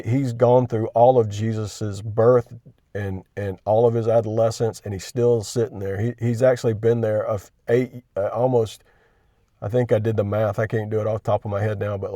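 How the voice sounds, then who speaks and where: A man hosting his own channel, talking candidly and emotionally about his faith, halting and restarting as he gets worked up. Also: fairly low pitch, warm tone, no echo, studio quality. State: chronic pain. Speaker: Christian video host. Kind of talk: emotional personal reflection.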